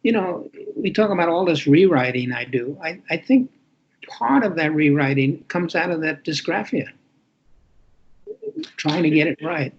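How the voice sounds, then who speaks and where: A man's voice: fairly high pitch, animated, normal speed, a little hiss or hum. A man in his eighties from New York City, an author speaking reflectively in an interview, often repeating words for emphasis. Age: 80s. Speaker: author guest. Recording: lo-fi muffled audio.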